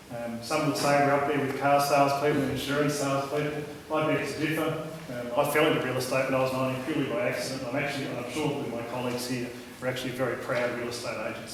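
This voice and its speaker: A man's voice: mid-range voice, little pitch movement, fast. An Australian man in his late thirties gives a chatty welcome speech, frank and a bit repetitive. He is heard from a distance in a very echoey hall with long reverb. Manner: chatty, frank, repeats himself. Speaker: real estate agent giving welcome speech. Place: large hall. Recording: echoey hall, distant mic, faint noise.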